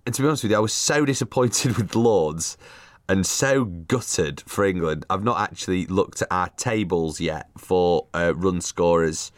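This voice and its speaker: A man's voice: sits low, moderate pace, no room sound. A man hosting a podcast, chatting casually about cricket and laughing easily. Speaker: podcast host.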